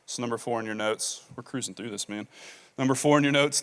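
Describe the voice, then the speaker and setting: A man with a mid-range voice preaches a sermon as a pastor, talking fast and casually with lots of fillers while reading scripture aloud. He's in a large church hall, and the recording carries the long reverb of a big space.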